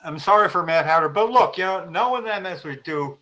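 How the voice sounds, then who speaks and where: A man co-hosting a casual talk show, rambling and animated, laughing often as he talks. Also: high-pitched, brisk, low-quality recording. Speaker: co-host. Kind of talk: casual podcast chat.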